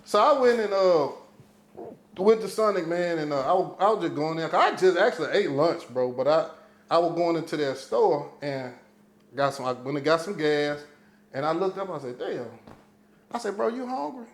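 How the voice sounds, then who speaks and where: This man, a guest on a podcast, has a fairly high voice and speaks at a moderate pace in a reverberant space. He's a lively, foul-mouthed storyteller who chats casually and performs other people's lines as he quotes them.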